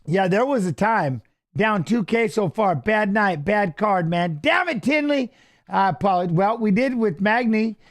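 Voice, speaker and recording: A man's voice: sits high, normal speed. A man casually commenting on a fight as he watches along, rambling and swearing while telling stories between the action. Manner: rambling, profane, restarts and fillers.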